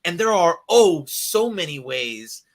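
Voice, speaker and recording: A man co-hosting a podcast in casual chat, animated, with lots of fillers and laughter. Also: a little high, slow pace. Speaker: podcast co-host.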